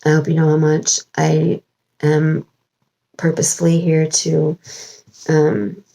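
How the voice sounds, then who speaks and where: A woman's voice: deep voice, completely flat delivery, slow, vocal fry, dark tone, rough recording. A woman talking as a spiritual channeler in a rambling home vlog, wandering with many fillers and restarts. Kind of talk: casual spiritual vlog monologue.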